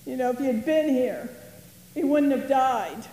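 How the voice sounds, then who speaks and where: A woman's voice: high-pitched, expressive, moderate pace, dark tone. A woman playing a grieving biblical sister in a first-person dramatic monologue, earnest and emotional. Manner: earnest and emotional, dwelling on words. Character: grieving woman, sister of Lazarus, fond of tidiness. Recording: roomy hall reverb, faint ambience.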